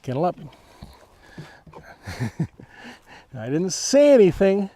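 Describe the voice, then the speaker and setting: A man who trains dogs, explaining a training session in a relaxed way, chuckling often and giving the dog short commands. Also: high-pitched, slow, no room sound. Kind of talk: outdoor training demonstration.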